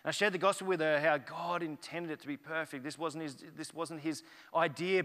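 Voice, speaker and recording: Fast, bright-voiced pastor. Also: male voice, a little high. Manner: animated storyteller acting out dialogue. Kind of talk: sermon with personal storytelling. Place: church. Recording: echoey church hall.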